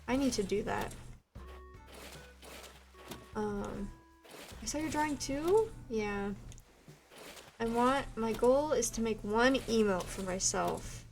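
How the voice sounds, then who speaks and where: Young woman streamer, slightly high voice, vocal fry, rambling casual chat, faint music behind. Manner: chatty, rambling, many "like" fillers. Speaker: game streamer. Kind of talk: casual chat with live viewers.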